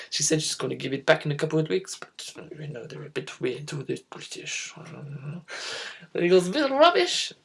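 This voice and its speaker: A teenage girl with a medium-pitched, gravelly, husky voice hosts a spoof news show. She's goofy and rambling and keeps breaking into giggles as she mock-presents the news.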